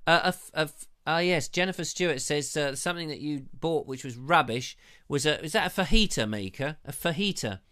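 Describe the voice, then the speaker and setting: A man's voice: a little high, animated, brisk, sharp tone. A man hosting a live online show on a lavalier mic, reading out viewer comments in a chatty, jokey way. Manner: chatty and jokey, reads comments aloud with quips.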